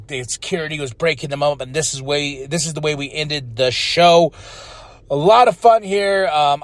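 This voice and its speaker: A man hosting a podcast, giving a casual, excitable recap of a wrestling show and now and then shouting out the wrestlers' lines and chants. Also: on the high side, no room sound. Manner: excitable, chatty, slips into loud impressions of the wrestlers. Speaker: podcast host.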